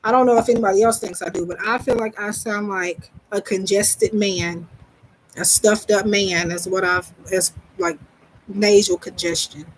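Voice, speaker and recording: A chatty woman with a Southern US accent talks off the cuff on her live stream, voice sitting at an ordinary middle pitch. She rambles in a self-deprecating way, often stopping and restarting her sentences. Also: fairly even intonation, moderate pace, poor audio. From Southern United States. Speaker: psychic reader hosting a live stream. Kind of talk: casual live-stream chat.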